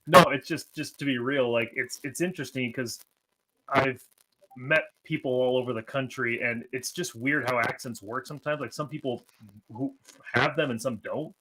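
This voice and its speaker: A man's voice: medium pitch, normal speed, sharp tone, poor audio. A man telling a reflective story in casual chat, with plenty of fillers.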